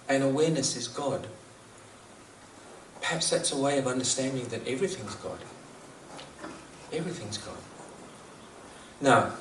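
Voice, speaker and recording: A man from New Zealand with a medium-pitched voice gives a reflective talk on spiritual teachings, earnest, repetitive, and chuckling at his own jokes. He's far from the mic in an echoey room, with slight background noise.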